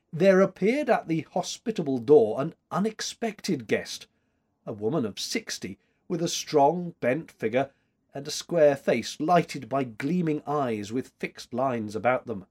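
A man narrating a chapter of a book in a measured, expressive way. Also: mid-range voice, slightly rough. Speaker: audiobook narrator. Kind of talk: scripted narration.

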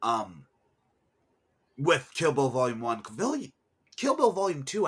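A man co-hosting a casual podcast chat about films, animated and given to loud, high exclamations. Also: a little slow, long pauses, slightly rough. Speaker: podcast co-host.

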